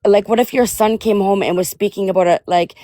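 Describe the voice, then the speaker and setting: A woman joins a casual live stream chat as a guest. Her voice sits at a mid pitch, and she rambles, piling on filler words as she makes her point. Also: fairly even intonation, brisk, warm tone, no echo.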